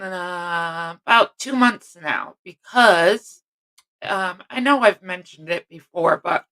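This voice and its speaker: A middle-aged woman hosts a casual live stream and greets viewers one by one. She talks at an unhurried pace and rambles, stopping and restarting her sentences as she chats. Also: mid-range voice, bright, forceful tone. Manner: chatty, rambling, self-interrupting.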